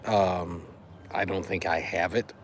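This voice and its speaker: A middle-aged man from the Chicago area, USA, hosts a live stream, chatting casually with his viewers and rambling a bit. His deep voice takes things slowly, relaxed and chatty with plenty of fillers, over slight background noise.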